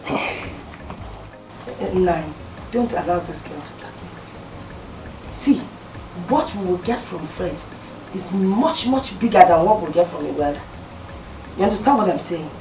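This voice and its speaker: A woman's voice: lowish voice, expressive, slow pace, long pauses, distant mic, background noise. An actress playing a scheming, domineering mother with a Nigerian accent, speaking insistently. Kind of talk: Nollywood film acting. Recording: roomy, from off-mic, music behind.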